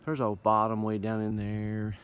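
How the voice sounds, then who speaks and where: A bushcraft vlogger with an Indiana accent talks casually into a handheld phone camera in the winter woods, rambling in an easygoing, folksy way and a little winded from hiking uphill. His voice is lowish and smooth, utterly flat, at a normal speed, with narrow, tinny audio.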